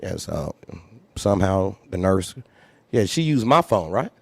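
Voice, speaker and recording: Man, very low voice, dry close sound, blunt and profane, repeats himself for emphasis. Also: big pitch swings, measured pace, vocal fry, a little mellow, dry recording. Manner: acts out others' lines in raised voice. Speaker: trucking company owner. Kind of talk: candid storytelling interview.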